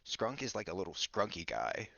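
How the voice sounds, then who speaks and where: A man's voice: low-pitched, sing-song, moderate pace, vocal fry, pushed and bright, no room sound. A man hosting a podcast who rambles goofily through a story recap and keeps bossing his co-host around, on a dull lo-fi recording. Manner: goofy, rambling, mock-bossy toward his co-host.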